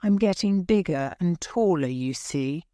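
A woman's voice: lowish voice, expressive, a little slow, mellow, no echo, studio quality. A woman voicing a polite but firm young girl in a storybook.

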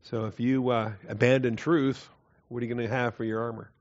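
A man teaching a Bible doctrine class in a conversational way, with frequent fillers, quiet chuckles and questions to the room. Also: mid-range voice, little pitch movement, fairly quick. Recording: dull lo-fi class recording.

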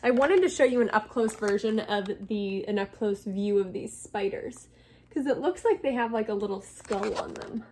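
A woman's voice: medium pitch, normal speed, dark tone, slight background noise. A woman, a teacher, reading a novel aloud to her class, with chatty asides between passages.

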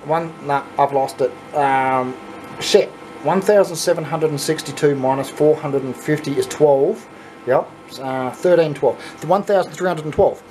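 A man with an Australian accent who hosts his own channel, chatting casually and excitably to viewers, laughing often and swearing freely. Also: a little high, normal speed, a little hiss or hum, rough recording. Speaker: channel host. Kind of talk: casual video chat to viewers.

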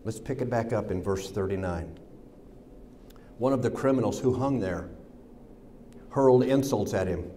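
A man with an American accent preaching a sermon, reading scripture aloud, mimicking the mockers' sneering taunts and dropping low and soft for Jesus' words. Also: moderate pace, long pauses, slight background noise. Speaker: pastor.

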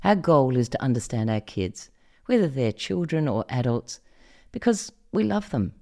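Lively middle-aged woman hosting a podcast. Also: extremely low pitch, normal speed. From Australia. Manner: expressive, questions the listener directly. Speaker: podcast host. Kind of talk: scripted podcast monologue.

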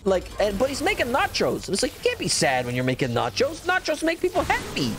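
Wildly animated excitable male gamer. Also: fairly quick, soft background music. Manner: hyper and excitable, jumping from squeals to low mutters; playful self-teasing chatter. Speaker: gaming channel host. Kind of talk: live gameplay commentary. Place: at home with a cat on his lap.

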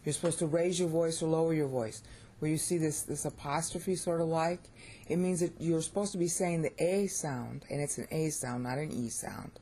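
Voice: medium pitch, normal speed, mellow, slight background noise. A speaker with an American accent giving an informal spoken lesson on biblical Greek. They keep checking in with "okay?" and "all right?" and sound out Greek phrases to show the flow.

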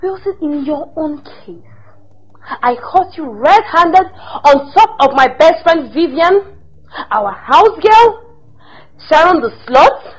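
Cast a woman as a sarcastic wife, high and animated, slow to speak. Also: rough recording. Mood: indignant. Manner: lively, sarcastic, laughs often. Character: sharp-tongued wife, defiant and mocking. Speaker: wife accusing her husband.

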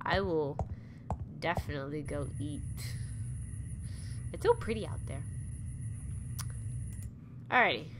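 A woman's voice: sits low, animated, takes it slowly, long pauses, noisy background. A young woman hosting a gameplay video in a playful, giggly, reactive way. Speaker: gameplay host. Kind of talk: casual game commentary.

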